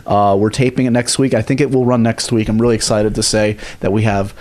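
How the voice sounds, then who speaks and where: A man's voice: fairly low pitch, flat delivery, brisk, darkish tone. A man hosting a podcast, talking casually with frequent ums and self-corrections. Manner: hesitant, many ums and restarts. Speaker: podcast host. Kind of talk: casual chat and interview.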